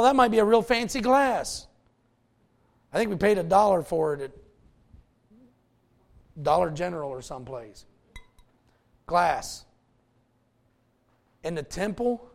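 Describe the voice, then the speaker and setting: A male pastor preaching a folksy, animated sermon with asides to the congregation. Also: a little high, gravelly.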